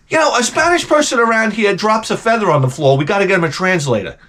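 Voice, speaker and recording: Animated, profane middle-aged male storyteller. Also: sits high, quick pace, hardly any pauses. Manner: animated, profane, exaggerated complaining. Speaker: comedic host. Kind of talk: comedic storytelling rant.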